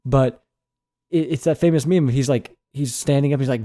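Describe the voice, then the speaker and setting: A young man co-hosting a podcast in casual chat, deadpan and mock-serious as he tells a story. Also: mid-range voice, moderate pace. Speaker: podcast co-host. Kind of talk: casual chat between friends.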